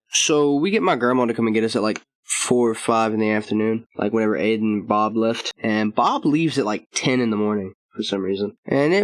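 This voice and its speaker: A young man rambles through a storytime vlog in heavy slang, swearing freely and breaking into laughter between lines. His voice sits at a middling pitch and sounds close and dry, with no room around it. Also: no room sound. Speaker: channel host.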